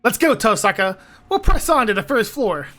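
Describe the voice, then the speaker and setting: A woman's voice: fairly high pitch, big pitch swings, fairly bright tone. A woman voicing an earnest, blunt teenage boy hero in a fan dub reading. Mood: determined. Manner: brisk spoken lines read in a group dub.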